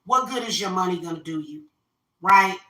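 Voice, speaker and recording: Opinionated woman, bright voice, repetitive venting, recorded off-mic in an echoey room. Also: fairly low pitch, lively intonation, normal speed, distant mic. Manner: opinionated, venting, repeats herself. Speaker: spiritual reader and vlogger. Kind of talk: casual rant while carving a pumpkin. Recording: roomy echo, voice off-mic.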